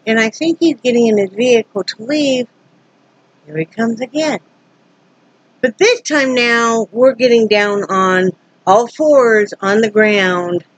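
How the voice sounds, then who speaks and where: A woman's voice: medium pitch, breathy edge, no room sound, rough recording. A woman from Wyoming telling a story to her camera in a casual, rambling way, acting out both sides of a tense encounter with many restarts. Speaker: vlogger.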